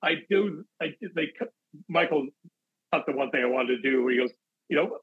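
A man and actor, chatting casually as an interview guest, telling animated stories and bursting into loud acted-out quotes. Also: on the high side, quick pace, slightly rough, lo-fi sound. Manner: animated storyteller, acts out quotes in big voices. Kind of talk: casual anecdotal chat.

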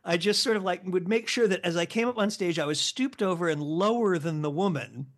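A man from the United States telling a comedy podcast a lively anecdote and acting out the people in it. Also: high voice, brisk. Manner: animated storyteller acting out quotes. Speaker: guest actor. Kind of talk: casual anecdote.

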